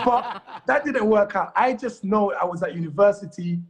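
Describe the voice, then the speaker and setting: A man from Congo, a comedian and guest in a studio interview, telling anecdotes in a lively way. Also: high voice, normal speed, a crowd in the background.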